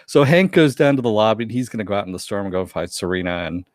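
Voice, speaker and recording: A man casually recapping a TV episode with a co-host, animated, laughing often and acting out quotes. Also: fairly low pitch, fast, no echo, studio quality. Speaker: podcast co-host.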